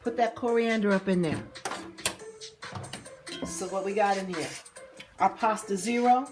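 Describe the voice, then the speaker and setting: A woman's voice: medium pitch, a little slow. A woman hosting a casual cooking demonstration, chatty and playful with cheerful exclamations as she cooks. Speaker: cooking show host. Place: kitchen at a hot stove. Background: sizzling pan and music.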